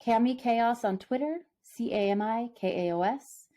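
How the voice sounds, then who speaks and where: A woman's voice: fairly high pitch, moderate pace, dark tone. A woman co-hosting a podcast in a playful, teasing casual chat, laughing easily. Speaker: podcast co-host. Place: home.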